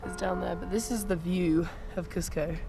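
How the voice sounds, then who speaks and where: A woman's voice: lowish voice, fairly even intonation, moderate pace, creaky. Chatty young woman with a cold, music behind. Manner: chatty, rambling, lots of fillers. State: has a cold. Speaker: travel vlogger. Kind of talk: casual travel vlog. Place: hostel rooftop and city streets outdoors. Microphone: handheld action camera.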